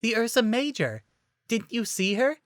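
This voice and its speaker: A reader voicing a timid, gentle young woman druid who talks softly and sweetly, in an audiobook-style fan reading. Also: medium pitch, very animated, normal speed, dry recording, clean studio sound, pitched above the performer's own voice, natural voice.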